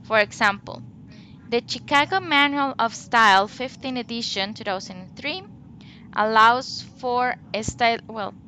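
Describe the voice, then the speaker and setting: Woman teacher on a video call, very slow and careful delivery, exaggerated intonation in examples, slightly high voice. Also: pushed and bright, a little hiss or hum. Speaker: English teacher. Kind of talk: online one-to-one lesson.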